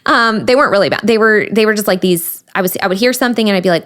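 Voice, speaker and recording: A woman's voice: mid-range voice, quick pace, hardly any pauses, a bit bright. A woman hosting her own podcast as a recovery coach, talking conversationally with lots of fillers, restarts and rhetorical questions. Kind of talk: solo podcast talk.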